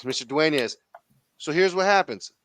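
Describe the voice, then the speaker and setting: A man's voice: on the high side, expressive, moderate pace, fairly bright tone. A man in his thirties with a Southern Californian accent telling a story as a podcast host, casual and profane, acting out the people he quotes.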